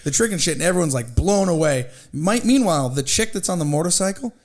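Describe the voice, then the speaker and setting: A man in his thirties with a fairly high voice tells rambling stories on a casual podcast. He sounds high and laughs through them, loose and unhurried, with filler words. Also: expressive, a little mellow. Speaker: podcast host. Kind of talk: casual chat.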